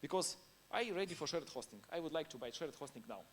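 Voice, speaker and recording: A man's voice: fairly high pitch, expressive, fast talker, fairly bright tone, slight background noise. A man giving a conference talk in non-native English, informal and anecdotal, laughing now and then between points. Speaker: conference speaker.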